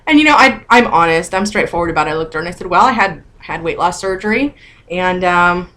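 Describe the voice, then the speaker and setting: A woman in her thirties talks straight into her camera in a relaxed vlog. She is candid and chatty, with an open, emotional way of speaking. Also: lowish voice, a little fast. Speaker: vlogger. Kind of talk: casual vlog update.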